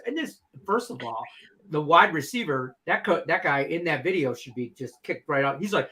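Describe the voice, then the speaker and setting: Man, middle-aged, sports show co-host, casual chat, animated, laughs a lot, high voice. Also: moderate pace. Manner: animated storyteller, laughs often.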